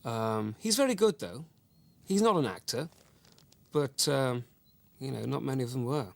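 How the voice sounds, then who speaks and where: A pompous male luvvie actor who lectures about his craft. He speaks mid-pitch, with a condescending tone and lots of hesitant ums. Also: expressive, moderate pace, vocal fry. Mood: self-satisfied. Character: self-important male actor, luvvie know-it-all. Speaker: actor being interviewed. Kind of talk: mock documentary interview.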